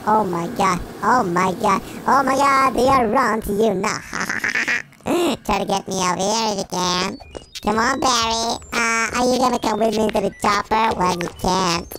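A performer voicing a cheeky, excitable cartoon chipmunk who gives Roblox let's play commentary through a sped-up, high-pitched chipmunk effect. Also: unhurried, slight background noise, low-quality recording. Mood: giddy. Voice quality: squeaky, giggly, exclamatory. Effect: sped-up high chipmunk pitch shift.

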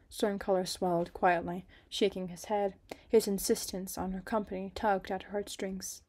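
Woman reading a romance story softly. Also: mid-range voice, little pitch movement, moderate pace, few pauses. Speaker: story reader.

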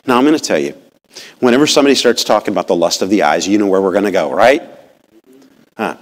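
A man preaching a lively sermon in a church. His pitch swings widely, rising high when he presses a point and dropping low and quiet at others. He talks folksy and direct, questioning the congregation. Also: fast. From rural upbringing. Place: church sanctuary.

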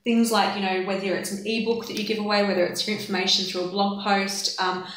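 A woman talks through marketing advice as an interview guest, relaxed and chatty. Her voice rings in a very echoey room. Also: medium pitch, quick pace, a little hiss or hum. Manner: relaxed, chatty, laughs easily. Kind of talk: casual interview chat.

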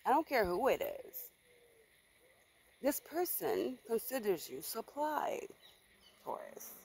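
A woman's voice: a little high, sing-song, slow pace, gravelly, darkish tone, a little hiss or hum, rough recording. A woman giving a casual tarot reading for viewers, blunt and emphatic, swearing freely and repeating herself for stress. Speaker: tarot reader.

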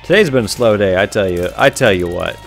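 A man's voice: fairly low pitch, lively intonation, brisk, gravelly, soft background music. A young man casually commenting on his own gameplay, rambling, correcting himself and laughing often, on a headset mic. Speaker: gaming video host.

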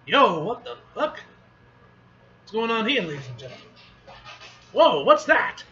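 A man hosting a casual manga reaction video, animated and exclaiming, swearing freely as he reads along. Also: sits high, measured pace, dull audio, faint music behind.

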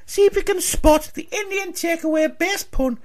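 A man's voice: extremely high pitch, normal speed. A man putting on a cheeky, upbeat male TV presenter hosting a radio quiz comedy sketch. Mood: chirpy teasing. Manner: chirpy, teasing. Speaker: quiz show host.

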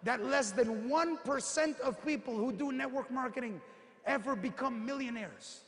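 A woman's voice: sits high, normal speed, natural voice. A man quoting a stubborn, dismissive middle-aged mother during a talk in a large hall. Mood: hostile.

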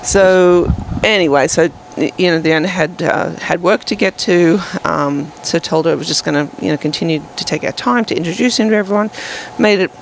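A woman's voice: on the low side, fairly quick, creaky, few pauses, a little hiss or hum, rough recording. A woman co-hosting a podcast, telling a long rambling story in casual chat with many fillers. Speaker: podcast co-host.

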